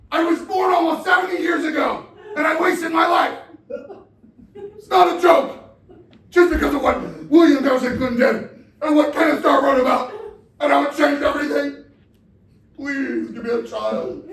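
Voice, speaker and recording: A man playing an aging filmmaker as talk show host, ranting in live improv comedy, shouting and laughing through his lines. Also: very high-pitched. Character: aging male filmmaker, over-the-top, wistful and indignant. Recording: echoey live room from far off with crowd ambience.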